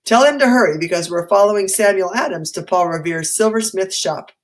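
Een gretige, opgewonden geschiedenisleraar, voorgelezen door een vrouw, vol bewondering. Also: female voice, medium pitch, lightly acted. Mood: eager. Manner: eager, admiring, fast. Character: eager, excitable history teacher, adult man.

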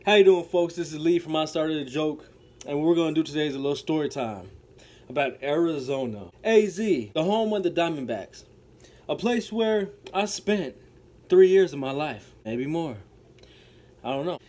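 A man with a notably high voice, spinning a story-time tale for his viewers. He tells it dramatically, repeats his lines for effect and keeps turning to address them as folks. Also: animated, normal speed, a little mellow. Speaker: storytelling vlogger.

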